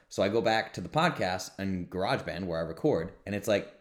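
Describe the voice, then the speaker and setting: A man's voice: lowish voice, expressive, fast, few pauses. A man hosting his own podcast, talking in an upbeat, rambling way with self-mocking asides. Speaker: podcast host. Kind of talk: casual solo podcast talk. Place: home studio.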